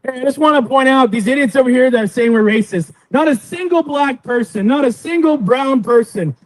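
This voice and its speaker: A man speaking defiantly and forcefully at a protest, recorded from a distance outdoors. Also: very high voice, fairly quick. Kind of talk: rally speech.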